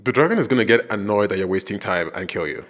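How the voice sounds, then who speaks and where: A man giving casual reaction commentary, animated and jokey, laughing often and acting out characters in playful voices. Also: lowish voice, fast talker, soft background music. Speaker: reaction video host.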